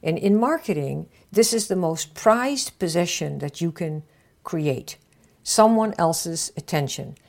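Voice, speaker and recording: A woman hosting a marketing podcast, coaching listeners in a casual way and acting out little conversations with bright shifts of tone. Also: fairly low pitch, a little slow. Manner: acts out little dialogues with lively shifts of tone.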